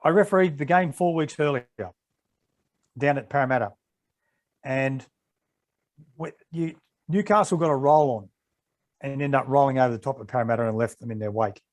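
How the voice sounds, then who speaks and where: A man's voice: medium pitch, normal speed, pauses often. An Australian man in his sixties, a former referee, telling stories in an interview and acting out the exchanges he recalls. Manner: animated anecdotes, acting out quoted exchanges. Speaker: retired rugby league referee, podcast guest. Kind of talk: casual storytelling interview.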